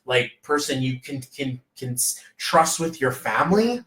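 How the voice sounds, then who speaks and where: A man's voice: medium pitch, animated, measured pace, fairly bright tone, far from the mic. A man hosting a casual live stream as a business coach, rambling and hypey, often slipping into quoted voices. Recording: echoey room, voice off-mic.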